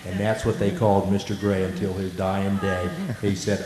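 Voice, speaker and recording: A male storyteller with a lowish voice, chatty with fillers, recorded in a reverberant hall. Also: little pitch movement, moderate pace. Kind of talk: live folk storytelling. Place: festival stage in a hall. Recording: echoey hall, faint noise.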